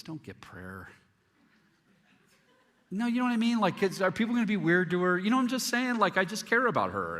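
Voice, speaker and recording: A middle-aged male pastor telling a story in a sermon, candid and humorous with animated delivery. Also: lowish voice, slightly rough. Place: church auditorium. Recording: long reverb of a church hall.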